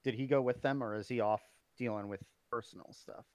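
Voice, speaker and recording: A man's voice: medium pitch, fairly even intonation, brisk, darkish tone, no room sound. A man in a middle register runs a tabletop game and often laughs between rulings. He stumbles over restarts as he goes. The recording is dry, with no room sound. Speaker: game master.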